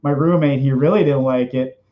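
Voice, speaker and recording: A man's voice: medium pitch, normal speed. A man hosting a casual question-and-answer chat, rambling and breaking off mid-thought. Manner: rambling, self-interrupting, chatty. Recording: dull lo-fi sound.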